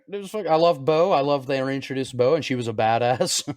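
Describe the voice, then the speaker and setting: A man's voice: medium pitch, steady tone, moderate pace, no echo. Thirties male podcast co-host, laughs often, acts out scenes with gusto, dry close mic. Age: 30s. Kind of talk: casual chat.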